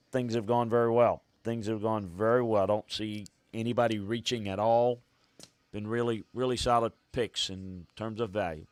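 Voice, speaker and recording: A man hosting a draft show, thinking aloud in halting, casual commentary and getting excited when news comes in. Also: mid-range voice, no echo.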